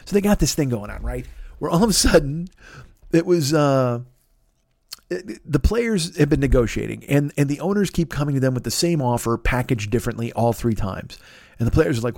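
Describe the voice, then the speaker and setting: A middle-aged man hosting a podcast, ranting angrily with constant swearing and acting out both sides of an argument in quick voices. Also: medium pitch, animated, dark tone, no echo, studio quality. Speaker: podcast host. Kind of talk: profane ranting monologue.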